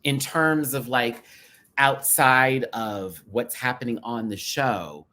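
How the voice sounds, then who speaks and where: Sassy bright-voiced man reviewing a show. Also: medium pitch, slow. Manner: sassy, animated, big swings between loud bursts and hushed asides; drag slang, calls viewers sister and baby. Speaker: drag race show reviewer, channel host. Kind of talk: casual commentary to camera.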